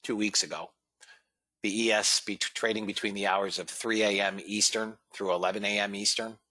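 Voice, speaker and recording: Man, low voice, dry close sound, casual trading room host. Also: fairly even intonation, moderate pace, pushed and bright, dry recording. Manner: casual, talks to viewers as guys and fellas, reads out numbers. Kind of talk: live trading room commentary.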